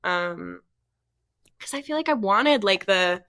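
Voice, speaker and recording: Young adult female guest, casual rambler, bright tone, dry booth sound. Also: mid-range voice, lively intonation, slow, dry recording. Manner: rambling, many "like" fillers. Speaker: singer-songwriter guest. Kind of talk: casual podcast chat.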